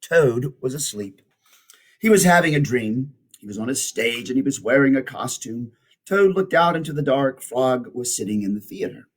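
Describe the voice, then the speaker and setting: A man reading a picture book aloud to children, animated and pausing to ask his listeners questions. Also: mid-range voice.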